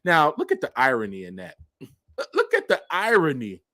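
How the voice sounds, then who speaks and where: A man's voice: a little high, wildly swooping pitch, normal speed, bright, forceful tone. A man reading news headlines aloud and adding sarcastic commentary, laughing often. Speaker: commentary vlogger.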